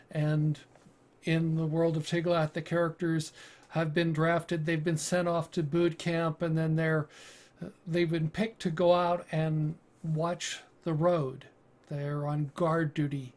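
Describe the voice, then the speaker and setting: A man who is a game master and YouTuber, telling stories from his campaigns in a deliberate, halting way. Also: fairly high pitch. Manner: slow, deliberate, halting with fillers and restarts. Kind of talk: casual storytelling monologue.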